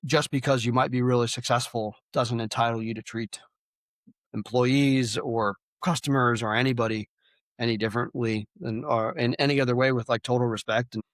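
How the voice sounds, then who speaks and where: A man's voice: medium pitch, steady tone, moderate pace, no echo. A man speaking as a podcast guest in a casual, plain-spoken way, with many restarts. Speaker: guest, sales company leader. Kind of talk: podcast interview.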